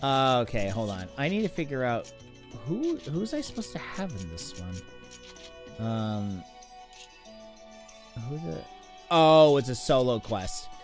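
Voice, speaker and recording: A man's voice: mid-range voice, big pitch swings, unhurried, long pauses, faint music behind. A man hosting a game stream, chatting casually and getting distracted by his game, with lots of fillers. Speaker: streamer host. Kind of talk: casual chat while gaming.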